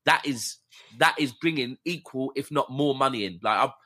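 A man's voice: medium pitch, moderate pace, bright, forceful tone. A young man, chatting casually about his football team. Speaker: football podcast co-host. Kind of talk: casual chat.

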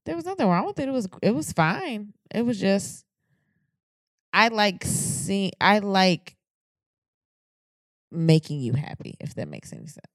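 A woman's voice: medium pitch, big pitch swings, no room sound, clean studio sound. A woman co-hosting a podcast, talking frankly and with plenty of swearing, often restarting her sentences in casual chat. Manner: frank, profane, halting restarts. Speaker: podcast co-host.

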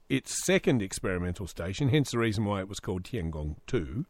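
A man's voice: fairly low pitch, very animated, fairly quick, no echo. A man hosting a solo comedy podcast, reading news aloud with sarcastic asides. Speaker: podcast host.

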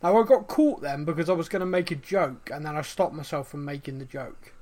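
A man's voice: fairly high pitch, a little fast, darkish tone. Guy hosting a chatty podcast, rambly and jokey, trips over words. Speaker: podcast host. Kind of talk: casual chat.

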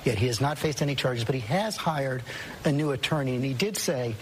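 A man reporting as a TV news anchor, measured and emphatic as he recounts an interview. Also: mid-range voice, expressive, a little hiss or hum.

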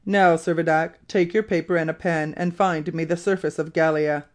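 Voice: mid-range voice, steady tone, normal speed, natural voice. A reader voicing an irritable, proud old male professor in an audiobook, speaking fiercely and impatiently. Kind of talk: audiobook character reading.

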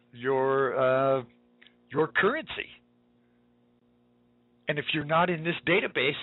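Male talk radio host, husky, on the higher side, preaching with urgent emphasis; dry, phone-band audio. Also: no echo. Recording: tinny phone-like line.

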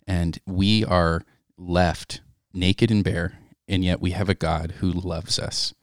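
A man co-hosting a faith podcast, speaking in a reflective, measured way. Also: deep voice, little pitch movement, dry recording, clean studio sound. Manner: reflective, measured, quotes scripture. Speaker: podcast co-host. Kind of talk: casual faith discussion.

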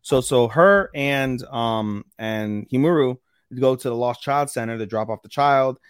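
A man's voice: medium pitch, measured pace, clear, resonant tone, no room sound, clean studio sound. A man casually recapping an anime episode on a podcast, rambling, stumbling over names and swearing now and then. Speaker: podcast co-host.

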